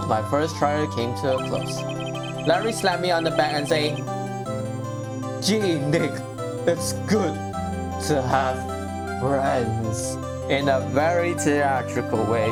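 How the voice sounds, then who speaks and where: A woman's voice: low voice, heavily acted. A woman reading the narration of a young male rookie defense lawyer, wry and reflective.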